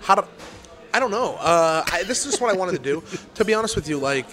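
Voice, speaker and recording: A man hosting a casual comedy podcast, swearing freely and talking in quick, animated asides. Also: high voice. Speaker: podcast host.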